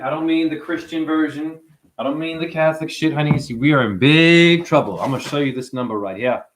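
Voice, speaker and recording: Excitable, foul-mouthed male streamer. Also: a little high, slight background noise. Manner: profane, rambling, excitable, swings between shouting and muttering. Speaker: live streamer. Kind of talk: unscripted livestream rant to chat.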